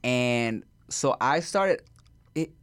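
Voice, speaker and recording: A man co-hosting a podcast, telling animated stories in casual chat. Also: medium pitch, very slow, smooth, no room sound. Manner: animated storyteller, frequent listening murmurs. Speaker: podcast co-host.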